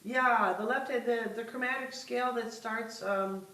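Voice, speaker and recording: A woman's voice: on the high side, fairly even intonation, normal speed, reverberant, far from the mic, poor audio. A woman music teacher coaching a student in a masterclass, patient and giving step-by-step instructions over a video call.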